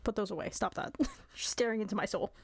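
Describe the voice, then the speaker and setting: A woman's voice: mid-range voice, quick pace, creaky, husky, no room sound. Woman streamer, casual chat, laughs often, dry close sound. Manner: giggly, apologetic, chatty.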